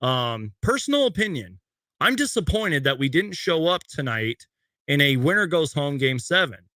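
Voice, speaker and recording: A young man hosting a post-game fan rant from his bedroom, emotional and halting, choked up as he reads tweets aloud to a webcam. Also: a little high, big pitch swings, sharp tone, no echo. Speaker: host. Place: bedroom at home.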